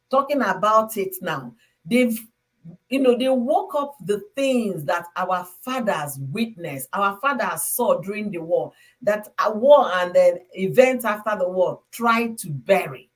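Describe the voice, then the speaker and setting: A Nigerian woman hosting a casual chat, talking in an animated, emphatic way. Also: medium pitch, a little slow. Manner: animated, emphatic, slips into acted quotes. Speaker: host.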